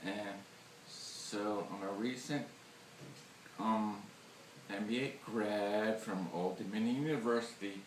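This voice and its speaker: A young man in a comic parody of a dating video, halting and overwrought, breaking into tearful gushing. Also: fairly low pitch, fairly even intonation, slight background noise. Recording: roomy echo, mic at a distance, faint ambience.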